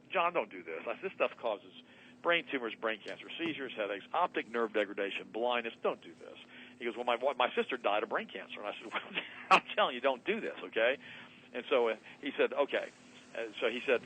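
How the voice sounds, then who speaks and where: Radio guest, male, quick and punchy, bright tone, plays out both sides of a dialogue. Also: mid-range voice, slight background noise, low-quality recording. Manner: fast, emphatic, acts out both sides of a conversation. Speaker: radio show guest, health doctor. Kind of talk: animated storytelling on a talk radio show. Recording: radio broadcast.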